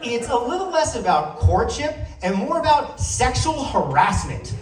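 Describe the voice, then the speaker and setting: Animated male stand-up comic, roomy. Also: extremely high pitch, measured pace, very noisy. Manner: animated, playful crowd work. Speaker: stand-up comedian. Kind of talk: stand-up comedy set. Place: comedy stage before a live audience. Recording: roomy sound from a distant mic.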